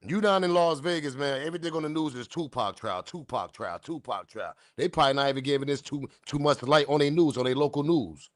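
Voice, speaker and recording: Fired-up guy ranting on his livestream, kinda high voice, dry close mic, cusses and yells at the chat. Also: fast, hardly any pauses, no room sound. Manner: loud, heated, profane, addresses chat directly. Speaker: livestream news host. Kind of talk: ranting live commentary.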